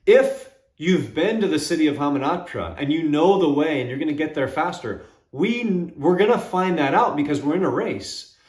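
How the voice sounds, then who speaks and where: A man hosting his own channel, talking reflectively and retelling movie scenes with quick quoted voices. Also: a little high, animated, darkish tone, reverberant. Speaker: channel host. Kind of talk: reflective solo talk to camera.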